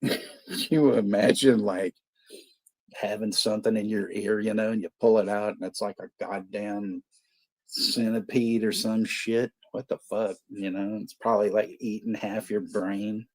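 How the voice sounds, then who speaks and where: A man's voice: lowish voice, fairly even intonation, a little slow. A man hosting a movie watch party stream, chatting casually, rambling, swearing a lot and laughing often. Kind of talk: casual livestream chat.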